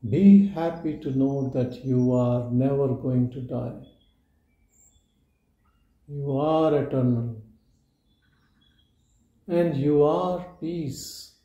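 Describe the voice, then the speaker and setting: A man giving a meditative spiritual talk at a live gathering, in slow, measured short statements with long pauses. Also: medium pitch, mellow, highs cut off. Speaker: spiritual teacher. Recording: roomy echo.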